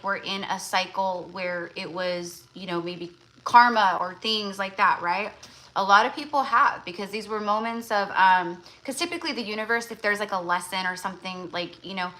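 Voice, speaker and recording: Woman, tarot livestream host, casual rambling chat, bright clear voice, lots of fillers. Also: mid-range voice, low-quality recording. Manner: rambling, full of fillers and restarts.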